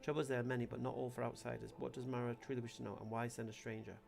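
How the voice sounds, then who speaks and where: A man's voice: mid-range voice, flat delivery, creaky, over music. A man reading out a wary village elder. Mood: guarded. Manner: measured, reading text aloud. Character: wary male village elder, measured and guarded.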